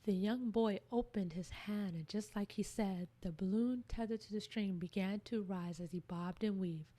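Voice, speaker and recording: Lady reading a storybook, expressive and measured, mid-pitched voice.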